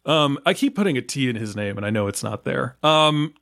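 A man's voice: medium pitch, animated, a little fast, vocal fry, a bit bright. A man from the United States talking casually about a film, rambling with many fillers, restarts and small laughs. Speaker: film podcast guest.

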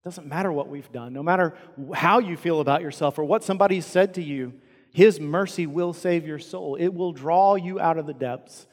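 A man preaching a sermon as a pastor, impassioned, swinging from loud to hushed. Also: on the high side, normal speed. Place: church auditorium. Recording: long reverb of a large hall.

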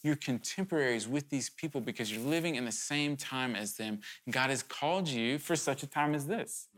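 A man's voice: medium pitch, moderate pace, a bit bright. A man preaching a sermon to his congregation, earnest and urgent, talking conversationally with candid asides and sudden emphatic rises.

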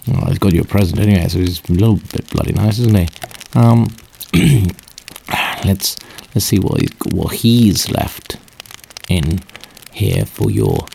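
A man's voice: sits low, very animated, unhurried, vocal fry, dark tone, a little hiss or hum. A man hosting, stammering and bemused as he pulls items from a bag.

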